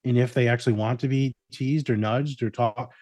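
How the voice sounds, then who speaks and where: A man's voice: mid-range voice, steady tone, moderate pace, a little mellow, no room sound, clean studio sound. Brash, joking man therapist on a podcast. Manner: brash, profane, teasing, laughs often. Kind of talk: casual podcast chat.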